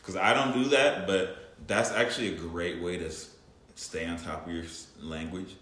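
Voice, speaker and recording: A man's voice: low voice, fairly even intonation, normal speed, fairly bright tone, echoey room, a little hiss or hum. A man co-hosting a podcast in casual chat, blunt and emphatic, swearing freely. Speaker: podcast co-host.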